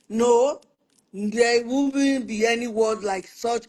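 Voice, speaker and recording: A woman's voice: on the high side, measured pace. A woman hosting a Christian family talk stream. She gives practical marriage advice conversationally and often repeats words for emphasis. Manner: animated, acts out spouses' quoted lines. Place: online live stream.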